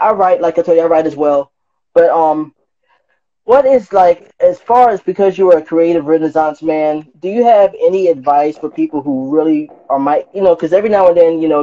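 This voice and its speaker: Man, casual host, mellow tone, muffled lo-fi audio. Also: a little high. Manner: casual, says dude, enthusiastic reactions. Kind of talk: casual interview chat.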